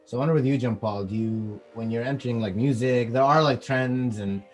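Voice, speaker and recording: A man's voice: mid-range voice, fairly quick. Chill young guy from lebanon hosting a podcast, laughs a lot, faint music behind. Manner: relaxed, laughs often. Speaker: podcast host. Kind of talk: casual podcast chat.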